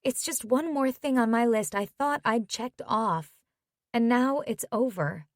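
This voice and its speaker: A heartbroken young woman, read by a woman narrator, soft and wry, with a downcast tone. She talks slowly and quietly. The audiobook sound is dry and close. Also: fairly high pitch, no echo, natural voice. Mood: glum.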